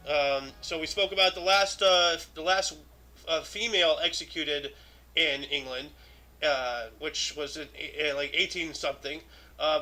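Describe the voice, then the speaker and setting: A man's voice: high voice, pushed and bright, poor audio. A man hosting a livestream, reading historical dates aloud and then chatting loosely about each one, with many ums and restarts. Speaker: host of a daily history show.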